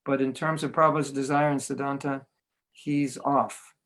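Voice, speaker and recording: A man's voice: medium pitch, little pitch movement, moderate pace, a bit bright. An American man, a spiritual teacher, giving an online religious class in a humorous, anecdotal way with frequent chuckles. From United States.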